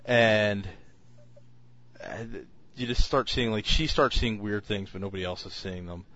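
A man's voice: fairly low pitch, moderate pace, a bit bright, muffled recording. A man co-hosting a casual podcast chat, reviewing films in a rambling way with many fillers and restarts.

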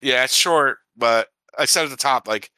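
A man's voice: medium pitch, normal speed, over a noisy crowd. A man co-hosting a film podcast in casual chat, rambling with lots of filler words. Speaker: podcast co-host reviewing a film.

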